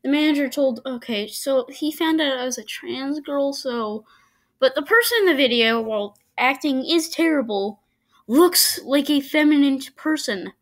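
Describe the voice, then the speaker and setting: A woman commenting on clips in a casual, argumentative way. She speaks slowly and a little high, often stopping and starting over mid-sentence. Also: animated. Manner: halting, argumentative, many restarts. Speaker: video commentator.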